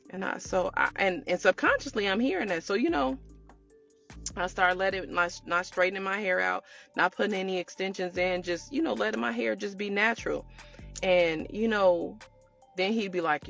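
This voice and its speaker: A woman telling her viewers a personal story in a casual storytime way, animated and chatty, calling them y'all. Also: medium pitch, normal speed, vocal fry, highs cut off, faint music behind. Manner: animated, addresses viewers as y'all, acts out quotes. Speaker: storytelling vlogger.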